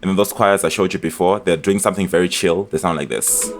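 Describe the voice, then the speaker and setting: A man explaining his music production in a casual tutorial, chatty and relaxed, with frequent fillers and restarts. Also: low voice, fast talker. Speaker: music producer demonstrating a beat remake. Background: beat elements playing from the project.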